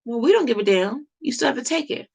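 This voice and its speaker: A woman's voice: a little high, expressive, fast talker, vocal fry. A woman talking to camera in an impassioned monologue, emphatic and repetitive, firing off rhetorical questions. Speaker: vlogger.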